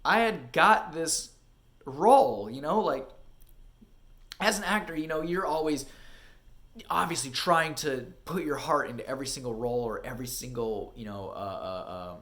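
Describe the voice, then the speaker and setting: A young man vlogging at home about his acting life. His voice sits in a middle register and is casual and chatty, full of "like" and restarts. He swings from quiet, anxious low stretches to loud, high bursts of excitement. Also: moderate pace. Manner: animated, swinging from excited to hushed and back, many fillers. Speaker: vlogger and actor. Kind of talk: casual storytelling vlog. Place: home, indoors.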